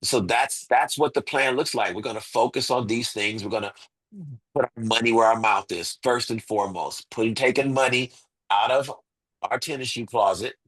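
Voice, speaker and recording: A man's voice: mid-range voice, normal speed, fairly bright tone, husky, rough recording. A man as an interview guest, making his case emphatically with rhetorical questions and repeated points. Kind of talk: impassioned interview talk.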